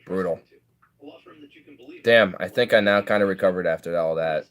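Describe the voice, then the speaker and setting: A man's voice: deep voice, normal speed, a bit bright. A man streaming a game, joking and swearing as he reacts. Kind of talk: casual gaming commentary.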